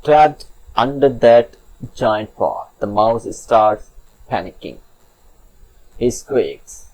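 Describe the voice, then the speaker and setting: A man's voice: mid-range voice, animated, drawn-out words, long pauses, darkish tone, poor audio. A man telling a children's fable in a chatty, playful storybook narration with asides to the listener.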